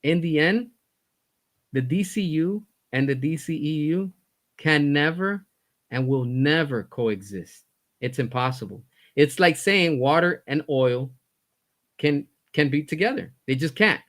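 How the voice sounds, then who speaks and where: A man's voice: fairly high pitch, a little slow, fairly bright tone. Fired-up man ranting bluntly. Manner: fired-up, blunt, swearing, repeats himself for emphasis. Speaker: commentary host. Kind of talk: heated opinion rant.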